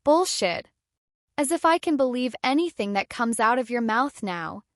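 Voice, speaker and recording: A woman's voice: a little high, sing-song, normal speed, no echo, studio quality. A woman narrator voicing a young man, a student turned fighter, who speaks in a dazed, bitter way after being betrayed. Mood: angry. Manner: dazed, then angry and bitter.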